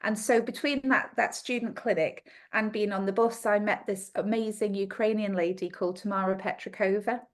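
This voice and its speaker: A middle-aged woman with an Australian accent, a guest on a podcast, telling a personal story in an animated way. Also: mid-range voice, normal speed, hardly any pauses. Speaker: guest naturopath.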